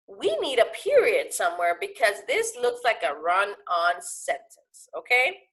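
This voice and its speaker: A woman teacher giving a recorded lesson to her students, explaining patiently and often pausing to ask "okay?". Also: mid-range voice, huge pitch swings, fairly bright tone.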